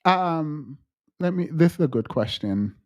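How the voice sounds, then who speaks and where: Frank higher-pitched man streaming live. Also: animated, highs cut off. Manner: candid and frank, speaks in halting restarts. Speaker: livestream host. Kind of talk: livestream chat answering viewers.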